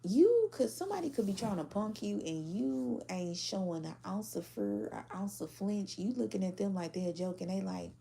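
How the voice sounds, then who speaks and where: A woman's voice: mid-range voice, lively intonation, normal speed, creaky, hardly any pauses, warm tone, slight background noise. A woman giving a casual tarot reading to a general audience, blunt and profane, acting out how other people react. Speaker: tarot reader.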